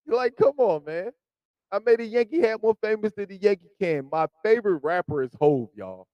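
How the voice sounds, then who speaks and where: A man hosting a podcast, chatting casually about football and swinging from low mutters to loud emphasis. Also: expressive, brisk, no echo, dull audio. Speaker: podcast host. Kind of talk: casual sports chat.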